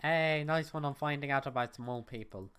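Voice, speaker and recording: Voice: medium pitch, normal speed, a bit bright, clear, resonant tone. A young adult livestreamer at home, chatting casually with viewers and thinking aloud while playing. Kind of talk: casual gaming stream chat. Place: at home, neighbors next door.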